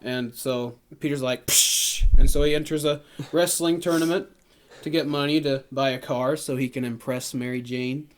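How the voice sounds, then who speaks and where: A man's voice: medium pitch, steady tone, moderate pace, darkish tone, slight background noise. A man co-hosting a casual podcast, retelling a movie plot and acting out scenes in goofy voices. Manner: rambling, acts out movie scenes in silly put-on voices. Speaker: podcast co-host. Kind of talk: casual movie recap chat.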